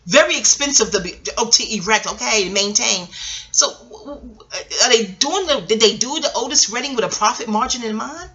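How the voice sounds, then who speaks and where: A woman's voice: on the high side, animated, brisk, fairly bright tone. A middle-aged American woman vlogging in a scattered, rambling way, jumping between tangents and swearing freely. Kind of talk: casual rambling commentary.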